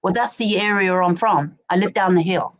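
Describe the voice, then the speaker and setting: A woman's voice: lowish voice, moderate pace, highs cut off, a crowd in the background. Chatty middle-aged woman with a Berkshire accent. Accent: English, Berkshire. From England. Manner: chatty storyteller, asks "do you know what I mean". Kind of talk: casual chat. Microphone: desk mic.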